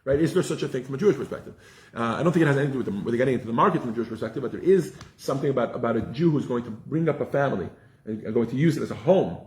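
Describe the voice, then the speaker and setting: A man giving a casual religious class, telling stories with lots of restarts. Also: medium pitch. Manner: animated storyteller, frequent restarts. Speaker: teacher. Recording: roomy echo.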